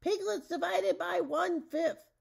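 A woman voicing a scheming, shrill female witch in a storybook read-aloud, shrieking and gleeful. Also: sing-song, moderate pace, creaky, darkish tone, heavily acted.

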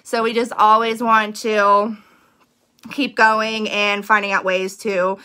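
A woman's voice: medium pitch, little pitch movement, slow pace, sharp tone, clean tone. A young woman giving casual business tips to camera, chatty and eager, with lots of "um" and "like". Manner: chatty, full of fillers like "um" and "like"; upbeat and eager.

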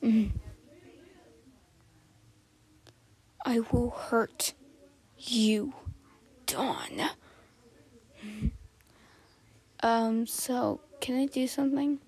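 A woman's voice: high voice, slow pace, husky, heavily acted. A woman voicing a clingy, jealous young man in a fan audio role-play, pleading and then possessive. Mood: jealous threat.

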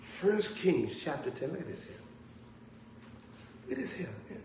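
A man's voice: a little high, very animated, darkish tone. A man preaching a sermon, telling jokes and stories in a drawling way. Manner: storytelling, joking, drawling, slow. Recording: echoey room, distant mic, faint background hum.

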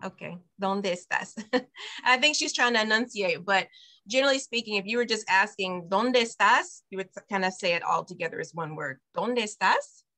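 A woman directing an online Spanish class for parents, upbeat and patient, modeling each phrase slowly over a video call. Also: medium pitch, pushed and bright. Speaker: bilingual preschool director teaching parents.

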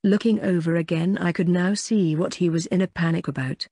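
A woman's voice: lowish voice, steady tone, brisk, dark tone, dry recording, clean studio sound. A woman narrating a first-person audiobook in a plain, conversational reading with small slips.

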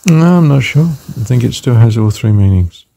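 A man giving a musing spiritual talk, slow and ponderous, turning phrases over and repeating them. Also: medium pitch, expressive, vocal fry, mellow. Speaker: speaker reflecting on a spiritual phrase.

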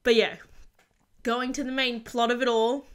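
A young woman giving casual reaction commentary on a show, gushing and excitable with frequent gasps and exclamations. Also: a little high, unhurried, clear, resonant tone. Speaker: video reviewer reacting to a series finale.

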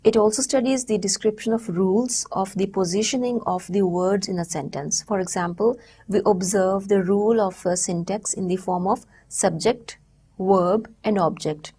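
A woman giving a recorded university lecture, explaining step by step in a measured way with frequent pauses. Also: mid-range voice, warm tone, husky.

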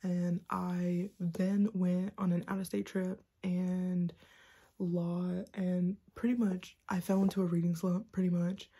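Giddy, whispering woman, husky and mellow. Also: on the low side. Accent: mixed Southern and Californian American. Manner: giddy, fast-talking, half-whispered. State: sleep-deprived. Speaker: book vlogger. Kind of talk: excited early-morning book chat.

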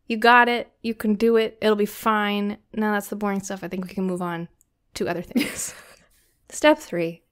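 A woman co-hosting a podcast, giving friendly, reassuring advice in a relaxed chat with frequent ums. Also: mid-range voice, moderate pace. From Canada. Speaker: podcast co-host.

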